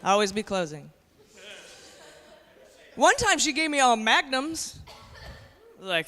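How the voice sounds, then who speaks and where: A woman in her forties delivers a brash, conversational stand-up set at a comedy club, speaking straight to the crowd in a high-pitched, sing-song, somewhat bright voice. She goes slowly with long pauses, and the recording has long hall reverb and faint noise.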